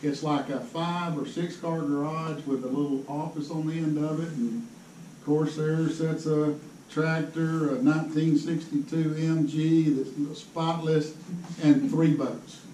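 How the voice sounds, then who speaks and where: Warm but flat in delivery, a little high, and measured in pace, this fishing pro tells the seminar crowd casual, meandering stories with a folksy manner and frequent laughs. The indoor tackle show hall echoes, the mic is distant, and crowd noise is audible.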